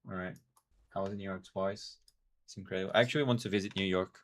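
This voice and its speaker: A man whose first language is Portuguese, chatting casually and haltingly while streaming a game and thinking aloud. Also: deep voice, fairly even intonation, fairly bright tone, a little hiss or hum. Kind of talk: casual gameplay stream chat.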